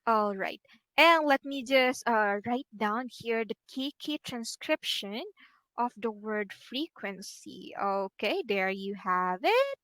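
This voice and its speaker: A woman teaching a one-on-one online English lesson, patient and encouraging, pausing to type corrections as she talks. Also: on the high side, lively intonation, a bit bright, dry recording.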